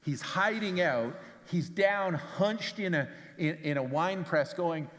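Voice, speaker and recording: A man's voice: slow pace, fairly bright tone. A man, a pastor, preaching a sermon and retelling a Bible story conversationally, often doubling words as he starts phrases. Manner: storytelling, acts out quotes with big pitch jumps. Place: church sanctuary. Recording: long church hall reverb.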